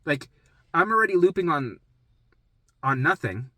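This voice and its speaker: A man's voice: fairly high pitch, very animated, measured pace, pushed and bright, dry recording. A man rambling through his own health story in casual, profane, emphatic storytelling. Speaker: vlogger sharing a health journey.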